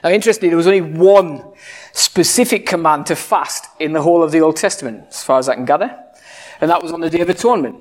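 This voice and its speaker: A man's voice: a little high, fast talker. A man preaching a sermon in a conversational, humorous way, full of rhetorical questions. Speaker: pastor.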